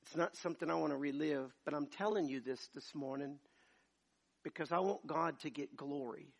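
Preacher, male, raspy edge, fairly high voice; swings from hushed testimony to full-volume shouting. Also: moderate pace. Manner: shifts from quiet storytelling to loud shouted preaching. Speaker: pastor. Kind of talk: sermon. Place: church.

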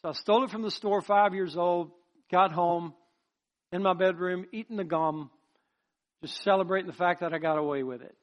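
High-voiced man preaching with passion. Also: normal speed, muffled recording. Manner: impassioned, repetitive preaching cadence; tells personal testimony. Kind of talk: sermon.

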